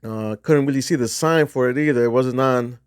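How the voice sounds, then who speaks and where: A man's voice: mid-range voice, a little fast, smooth, no room sound, studio quality. A middle-aged man from New Jersey casually telling a rambling, profane golf trip story. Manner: rambling, profane, restarts often. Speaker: golf vlogger.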